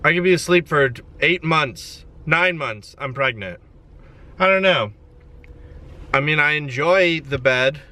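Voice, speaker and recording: A man's voice: fairly high pitch, expressive, a little slow, bright, forceful tone. A man in his twenties, a comedian vlogging in a self-mocking way with sudden melodramatic wails. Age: 20s. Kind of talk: comedic vlog monologue. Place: inside a van.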